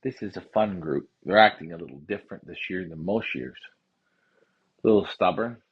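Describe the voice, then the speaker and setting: A man's voice: low voice, moderate pace, husky. Ranting man, dull lo-fi sound. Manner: heated ranting, repetitive, profane; calm explaining while handling pigeons. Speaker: pigeon racing show host. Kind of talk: casual livestream talk.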